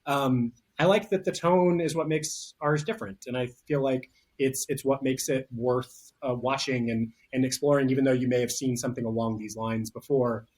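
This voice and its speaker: A man speaking as a film director in a relaxed interview, talking thoughtfully with frequent fillers and restarts. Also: mid-range voice, moderate pace, hardly any pauses. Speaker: writer-director. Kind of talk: casual interview talk.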